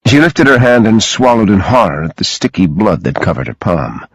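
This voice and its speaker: A man reading an audiobook in a dramatic, expressive way, close to the mic. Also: lowish voice, normal speed, no room sound, low-quality recording. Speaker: audiobook narrator. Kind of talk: scripted audiobook narration.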